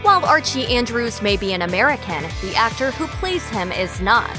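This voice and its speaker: A woman narrating a scripted entertainment video in a brisk, polished voice-over. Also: a little high, very animated, over music. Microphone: close studio voice-over mic.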